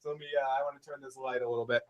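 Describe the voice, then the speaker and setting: A man's voice: medium pitch, flat delivery, very fast, darkish tone, dry recording, highs cut off. A man hosting a casual live stream, laughing often and reading out viewer comments. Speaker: podcast host.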